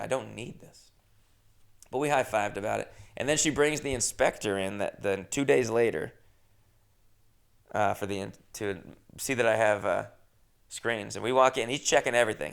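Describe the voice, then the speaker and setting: Young male solo podcast host, gravelly, casual rambling storyteller, animated bursts. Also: fairly low pitch. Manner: rambling, animated storytelling with sudden jumps in loudness. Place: his first-floor apartment.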